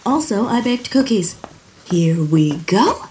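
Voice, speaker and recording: A woman playing a proud, dutiful Victorian poet who declaims in a self-important, measured way. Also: medium pitch, very animated, warm tone, a little hiss or hum. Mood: grandiose.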